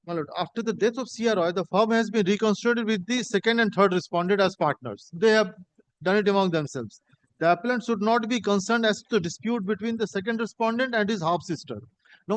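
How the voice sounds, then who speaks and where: Give me an advocate in a courtroom, halting and formal, with a fairly high voice. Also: male voice, no echo, poor audio. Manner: halting, addresses the bench as my lord in nearly every phrase; reads passages from a judgment aloud. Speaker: advocate arguing an appeal. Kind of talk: courtroom argument.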